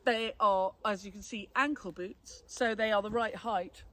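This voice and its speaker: A cheerful woman chats through her favourite new garden gear in a casual, upbeat way. She talks warmly and easily as a flower farmer and florist, breaking into laughter often. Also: mid-range voice, a little slow. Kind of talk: casual product review.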